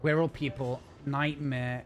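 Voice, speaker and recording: Chatting fast and jokily during a gaming stream, a man from the north of England with a northern accent often starts over mid-thought. His pitch is medium, with little movement.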